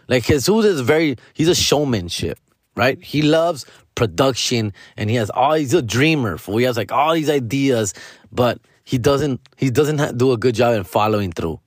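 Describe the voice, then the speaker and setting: A man in his forties talking off the cuff as a podcast host, rambling from thought to thought. His talk is slangy and full of swearing and street fillers, and his pitch sits in a middle range. The sound is dry and close with no room echo. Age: 40s. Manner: rambling, slangy, profane, peppers speech with "fool" and "dog". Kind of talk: casual monologue.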